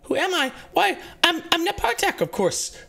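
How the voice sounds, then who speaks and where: A man's voice: very high-pitched, very animated, normal speed, gravelly, pushed and bright, voice pushed up, exaggerated voice. A man voicing a panicked, lost young girl spirit who stammers and repeats frantic questions.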